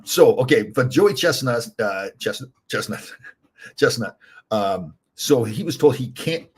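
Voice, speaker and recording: A man's voice: fairly low pitch, slightly rough. An older man hosting his own talk show, rambling casually with many fillers and restarts while fighting off hiccups. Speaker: podcast host, former hockey player.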